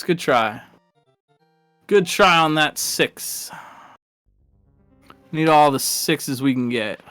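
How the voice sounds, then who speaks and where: A man's voice: a little high, a bit bright, no room sound. A man casually commentating a live video game race, rambling and chatty, laughing at his own stories.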